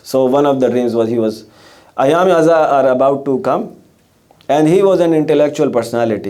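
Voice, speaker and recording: In a gathering hall, a middle-aged man gives a sermon full of stories, rhetorical questions, and frequent restarts. His voice is mid-range and mellow.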